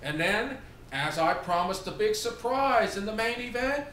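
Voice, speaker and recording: Animated high-voiced man recapping wrestling. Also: a little slow. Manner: excitable, sarcastic asides, mimics wrestlers' lines. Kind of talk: animated solo recap and opinion. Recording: echoey room with faint noise.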